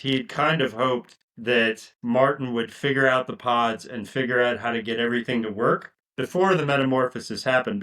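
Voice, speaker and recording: A man co-hosting a podcast, casually adding plot details about a film in steady, explanatory runs. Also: medium pitch. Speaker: podcast co-host. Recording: voice distant from the mic.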